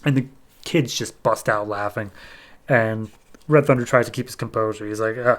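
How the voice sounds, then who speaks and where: With a lowish, slightly bright voice at a moderate pace, a podcast host casually walks through a comic issue. His retelling is conversational and loose, leaning on frequent "he's like."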